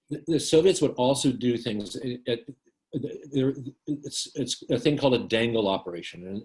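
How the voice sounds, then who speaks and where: A man giving a book talk in a casual, halting way, full of fillers and restarts, telling stories with wry humor. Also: fairly low pitch, a little mellow. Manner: hesitant, many fillers and restarts.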